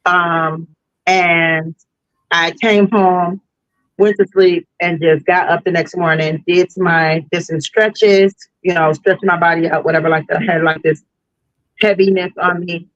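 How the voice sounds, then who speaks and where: Animated woman telling a story. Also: on the low side, a little slow, no room sound, dull audio. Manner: animated, slangy, acts out voices. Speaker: podcast guest, delivery driver. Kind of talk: casual storytelling.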